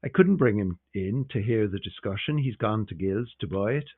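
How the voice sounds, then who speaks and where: A man's voice: lowish voice, expressive, normal speed. A man voicing an affable, effete young librarian who talks in a gushing, mannered way. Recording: tinny, phone-like sound.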